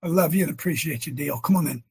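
A man leading a prayer gathering, talking in an animated preachy way and quoting scripture. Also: a little high, rapid-fire, creaky, husky, no room sound. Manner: animated, exclaims and quotes scripture. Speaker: leader of a men's prayer gathering. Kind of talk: preachy casual chat.

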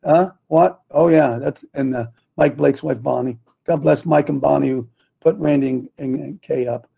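A man's voice: medium pitch, steady tone, moderate pace, vocal fry, mellow, husky. A man hosting a live talk show, rambling and losing his train of thought as he speaks.

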